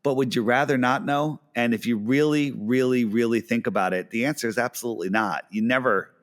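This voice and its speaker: A middle-aged man with a voice of ordinary pitch, chatting casually and eagerly. He tells anecdotes and slips into the voices of the people he quotes, restarting his sentences often. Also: brisk. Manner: enthusiastic storyteller, acts out quoted dialogue; frequent fillers and restarts. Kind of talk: casual conversation.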